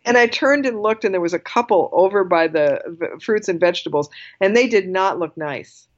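A female guest shares a personal story in casual conversation, animated, quick to laugh, and often restarting her sentences. Her voice is on the low side, and the audio sounds dull.

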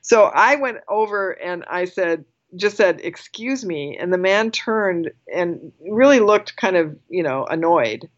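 A woman guest telling a personal story in casual conversation, animated and quick to laugh, often restarting her sentences. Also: on the low side, lo-fi sound.

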